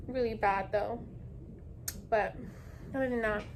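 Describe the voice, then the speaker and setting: A woman's voice: mid-range voice, fairly even intonation, unhurried, background noise. A heavily pregnant young woman talking bluntly to her phone camera, swearing and speaking through tears and labor pain. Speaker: vlogger. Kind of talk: casual video diary. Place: at home, then a hospital.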